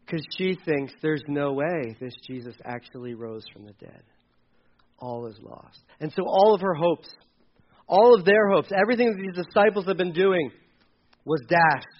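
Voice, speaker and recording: Animated, high-voiced man preaching a sermon. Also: normal speed, dull audio. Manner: animated, acts out quotes with sudden loud bursts and quiet drops. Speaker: pastor. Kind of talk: casual sermon.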